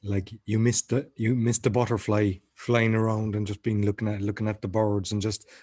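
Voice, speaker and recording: Low, flat-voiced male podcast host. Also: normal speed, no room sound, clean studio sound. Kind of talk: podcast interview talk.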